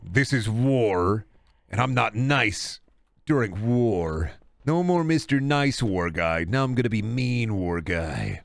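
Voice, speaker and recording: A young man streaming a shooter game, rambling jokily, swearing a lot and bursting out loudly when things go wrong. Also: on the low side, expressive, takes it slowly, creaky, no echo, studio quality. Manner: profane, jokey rambling with sudden loud outbursts. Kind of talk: casual gameplay commentary.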